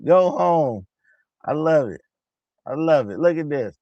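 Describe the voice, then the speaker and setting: A man hosting a casual reaction show, talking excitedly and in slang over game highlights and repeating himself. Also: normal speed, dry recording, muffled recording. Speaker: host of a basketball reaction channel.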